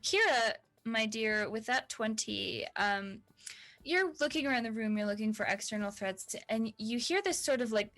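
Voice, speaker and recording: Higher-voiced woman running a tabletop game. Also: animated, normal speed, fairly bright tone. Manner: chatty, playful, with many fillers. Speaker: dungeon master.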